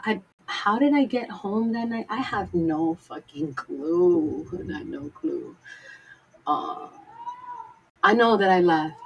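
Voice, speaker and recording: A woman's voice: fairly low pitch, breathy edge, muffled recording. A young woman telling a personal story in a casual, rambling way, full of "like" and "you know," swearing freely and voicing her own past thoughts.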